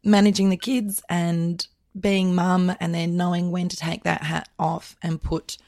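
A woman guest talking about her styling work in a relaxed, playful casual chat. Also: on the low side, measured pace, no echo, studio quality.

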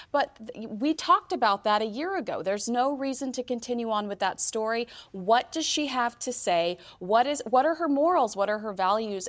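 An American woman giving commentary on a TV debate, fluent and critical, using rhetorical questions. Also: a little high. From United States. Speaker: royal expert guest.

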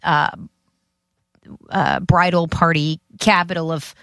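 A woman's voice: fairly low pitch, flat delivery, slow pace, a bit bright, no echo. Chatty, self-deprecating woman on a podcast. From US East Coast. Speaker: podcast guest. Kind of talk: casual chat.

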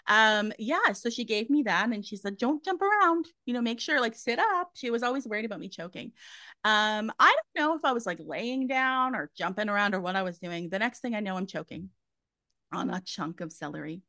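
Casting: woman, interview guest, mid pitch, rambling chatty delivery, dry close recording. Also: brisk, bright, forceful tone, dry recording. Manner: chatty, many fillers and restarts. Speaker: guest medium. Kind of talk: casual interview storytelling.

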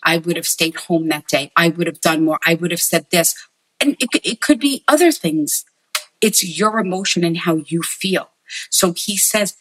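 A woman's voice: fairly low pitch, normal speed, a bit bright, low-quality recording. A woman working as a psychic medium, earnestly relaying messages to the people in front of her and often repeating herself. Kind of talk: spirit reading for sitters.

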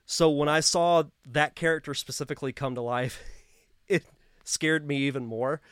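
A man's voice: on the high side, moderate pace, fairly bright tone, clear, resonant tone, dry recording, studio quality. A male podcast host asking his guest questions in an eager, fan-like manner. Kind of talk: casual interview.

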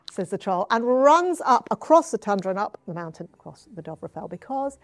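A woman storyteller telling a folk tale aloud, expressive with hushed asides. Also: medium pitch, a little fast, creaky, few pauses, faint music behind. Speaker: storyteller guest. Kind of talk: oral storytelling.

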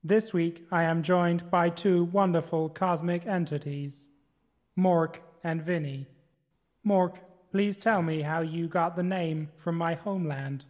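A man voicing a deadpan male alien podcast companion with a flat, synthesized-sounding voice, speaking slowly and stiffly. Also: a little high. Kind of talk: comedy podcast bit.

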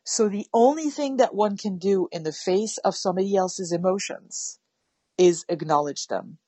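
Husky-voiced woman, animated and empathic. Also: mid-range voice, moderate pace, no echo. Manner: animated, acts out soothing words to children. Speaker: parenting guest. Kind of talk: conversational interview.

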